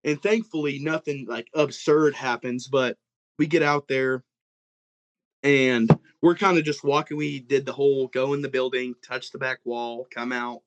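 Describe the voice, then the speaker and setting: A young man from Oklahoma recounts a creepy night in the woods as a podcast guest. His voice sits at an ordinary middle pitch, and he rambles, circling back to act out what his brother and friends said. It is casual, unscripted storytelling. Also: measured pace. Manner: rambling, animated retelling with many "like"s and quoted dialogue. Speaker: guest telling an encounter story.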